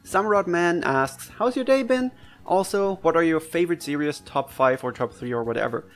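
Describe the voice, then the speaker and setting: A man from Germany with a German accent, casually answering viewer questions for his gaming channel, chatty and quick to laugh, his pitch jumping up when excited. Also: soft background music. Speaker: gaming video creator.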